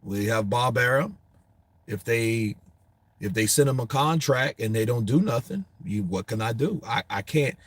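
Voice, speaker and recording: A man doing an impression of a laid-back, soft-spoken boxer who talks in a low-key, hesitant mumble. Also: lively intonation, normal speed, dry recording, close to an everyday voice. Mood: weary.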